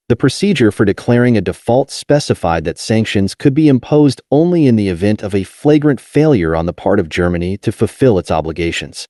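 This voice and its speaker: A man reading a nonfiction history audiobook in a measured, steady way, with deliberate pauses. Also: fairly low pitch, no room sound, studio quality. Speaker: audiobook narrator. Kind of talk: scripted nonfiction narration.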